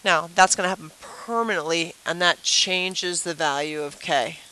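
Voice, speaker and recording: A woman's voice: fairly low pitch, moderate pace, sharp tone, smooth, rough recording. A woman teacher giving a chatty review lesson at a whiteboard, asking the class questions and explaining with playful everyday comparisons.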